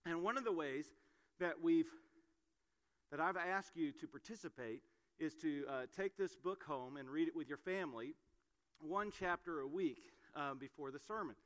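A middle-aged male preacher delivers his sermon in an easy, storytelling manner, pausing on "uh" and "um." His voice sits a little high for a man. The sound rings with the long reverb of a church hall. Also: fairly bright tone. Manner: conversational storytelling with fillers.

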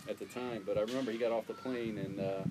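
A man in a casual chat, telling a short anecdote in a relaxed way. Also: on the low side, fast talker. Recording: loud background noise.

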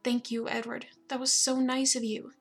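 A woman's voice: on the high side, flat delivery, normal speed, vocal fry, faint music behind, pitched above the performer's own voice. A woman voicing a tender-hearted young heroine who gushes and squeals in a storybook reading. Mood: grateful. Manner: squealing, gushing.

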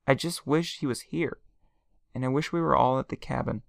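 A man voicing an anxious woman, an aunt who shouts into a phone and frets about her missing husband, as he reads a story aloud. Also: mid-range voice, moderate pace, vocal fry, no echo, studio quality, natural voice. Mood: tearful. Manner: anxious, cries out loudly.

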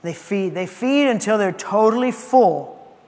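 A man with a high voice preaching in a church. He tells the story in a lively way, acting out characters and dropping from big emphatic lines to near-whispers. A long reverb trails each phrase. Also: measured pace. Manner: animated storyteller acting out voices, swinging from loud to hushed. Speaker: pastor. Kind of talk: sermon. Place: church sanctuary.

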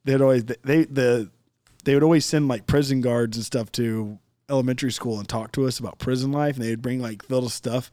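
A man's voice: medium pitch, steady tone, fairly quick, mellow. A man co-hosting a casual podcast chat, telling rambling stories with lots of fillers and laughing often. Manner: rambling storyteller, acts out quoted voices, laughs often. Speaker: podcast co-host.

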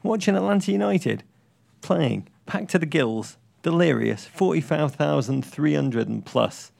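A man co-hosting a casual sports chat, with a wry, deadpan delivery. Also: fairly high pitch, unhurried, vocal fry, no echo. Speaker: podcast co-host.

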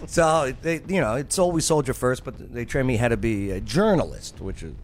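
A man's voice: mid-range voice, expressive, fairly quick, slight background noise. A man with a New Jersey accent, hosting a radio show and telling stories in casual chat, acting out other people's lines as he goes. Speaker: radio show host and former army journalist.

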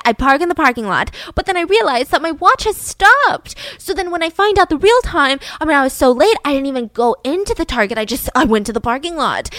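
A woman's voice: high voice, fairly bright tone, dry recording. A woman playing a bubbly, childlike housewife. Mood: flustered. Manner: gushing, breathless chatter.

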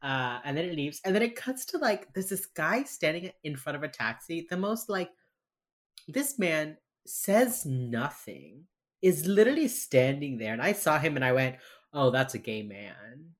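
A woman's voice: sits low, sing-song, normal speed. A woman co-hosting a podcast, recapping a TV episode in a wry, casual way with many fillers. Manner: wry storytelling, heavy use of "like". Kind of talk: casual chat.

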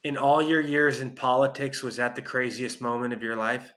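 A male talk show host with a bright, forward voice. He asks his guest questions in a loose, conversational way, sometimes stumbling over the start of a sentence. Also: mid-range voice, fairly even intonation, normal speed. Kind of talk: interview questions.

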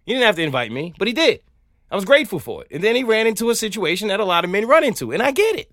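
Talking very fast in a high voice, a man from the American South hosts a podcast full of animated stories and casual comic riffing, with the odd sung snippet of a song. It's studio-quality audio with no echo.

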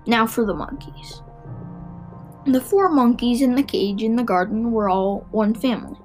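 A woman reads a children's book aloud in a fairly high voice, shaping the sentences with expression. Now and then she trips on a word and starts it again. Soft music plays faintly behind her. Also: normal speed, poor audio. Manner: expressive, with small stumbles and restarts. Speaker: narrator.

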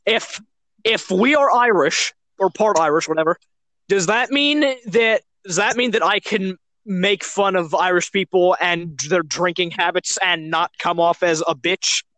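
A man's voice: high-pitched, unhurried, a bit bright, dry recording, rough recording. A man co-hosting a casual podcast, crude and joking, often cutting in on the others. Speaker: podcast co-host.

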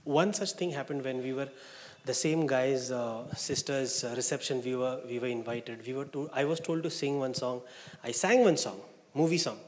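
A man's voice: mid-range voice, moderate pace. A man with an Indian English accent telling a personal testimony, acting out the people he quotes. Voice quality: animated, acts out the people he quotes. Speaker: speaker giving a personal testimony. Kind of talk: storytelling testimony. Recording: long hall reverb.

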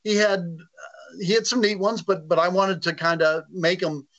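Bright-voiced man telling a lively story. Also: sits high, moderate pace. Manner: animated, acts out quoted dialogue. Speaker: author guest. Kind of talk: casual interview storytelling. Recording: lo-fi muffled audio.

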